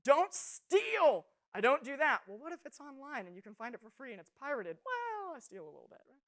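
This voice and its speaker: A young adult woman speaking to students in a youth sermon, telling funny stories with animated, self-mocking humor. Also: fairly high pitch, racing.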